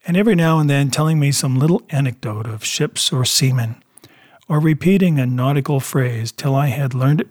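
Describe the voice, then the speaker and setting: A man reading a classic adventure novel aloud in a measured storytelling voice. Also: medium pitch, darkish tone, slightly rough, no echo. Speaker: reader. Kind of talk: audiobook narration.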